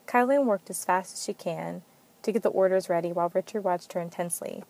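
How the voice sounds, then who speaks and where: Lady reading a story out loud, steady and plain, lowish mellow voice. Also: a little fast, gravelly. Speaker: narrator.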